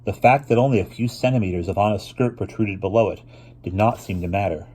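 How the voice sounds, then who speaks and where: A man reading a children's novel aloud, unhurried, with occasional restarts. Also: on the low side, a little mellow, breathy edge. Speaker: reader.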